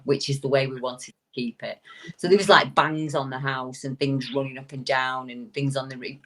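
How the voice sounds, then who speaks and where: A woman, a guest telling a paranormal story in a lively, emphatic way with frequent restarts. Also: extremely low pitch. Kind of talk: animated storytelling in an interview.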